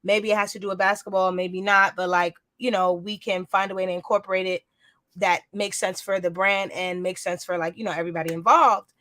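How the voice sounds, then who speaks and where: Appearing as a guest in a relaxed interview, this woman, a podcast host and sneaker content creator, tells her story in a chatty, meandering way packed with filler words. Her voice sits on the low side, with little pitch movement, a slightly fast pace, and a pushed, bright quality. The recording is dry and studio-clean.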